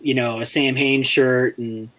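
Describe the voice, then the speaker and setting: A man's voice: mid-range voice, flat delivery, measured pace, pushed and bright, low-quality recording. A man on a podcast, telling rambling, profane stories in casual chat and laughing as he goes. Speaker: podcast co-host. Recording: faint background noise.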